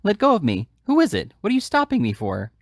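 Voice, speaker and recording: A man voicing a frightened young orphan boy in an audiobook reading, with high, pleading cries. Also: wildly swooping pitch, fast, gravelly, no room sound, studio quality, exaggerated voice.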